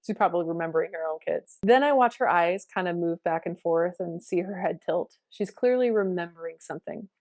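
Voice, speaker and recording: A woman piano teacher telling a teaching anecdote in a calm, reflective, explanatory way. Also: lowish voice, fairly quick, few pauses, no echo, studio quality. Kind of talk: storytelling anecdote.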